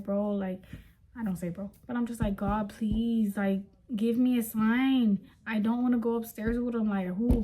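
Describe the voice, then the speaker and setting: A young woman vlogger telling a story in casual storytime style, animated and full of slang, talking straight to her viewers. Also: a little high, slight background noise.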